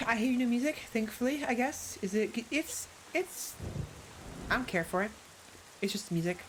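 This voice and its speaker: A woman's voice: a little high, lively intonation, slow pace, pauses often, slight background noise, rough recording. A woman streamer talking casually to her viewers while she plays a game. She rambles, corrects herself and greets viewers by name. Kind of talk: casual live-stream gaming chat.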